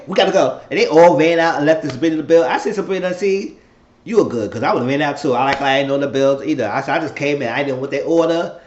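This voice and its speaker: A man's voice: medium pitch, slight background noise. Man, casual TV recap host, acts out the lines, roomy echo, dull lo-fi sound. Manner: animated retelling, acts out characters' lines. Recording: echoey room, dull lo-fi sound.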